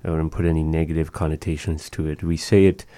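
A man's voice: rumbling low, level tone, quick pace, warm tone, dry recording. A man teaching words and phrases of a language, patiently explaining grammar to a learner.

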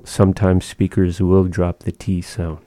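A man's voice: sits low, completely flat delivery, measured pace, warm tone, no echo. A man giving a patient one-on-one language lesson, carefully modeling and repeating pronunciations. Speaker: language teacher.

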